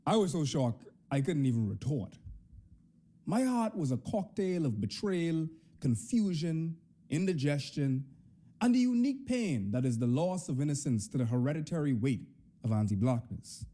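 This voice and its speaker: A young man with a Bahamian accent telling a comic personal story, swinging between high and low pitch. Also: sing-song, moderate pace, warm tone.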